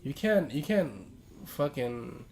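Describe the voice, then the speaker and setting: A man's voice: a little high, lively intonation, takes it slowly, darkish tone. A young man co-hosting a casual podcast chat, laid-back and hedging his opinions. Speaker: podcast co-host.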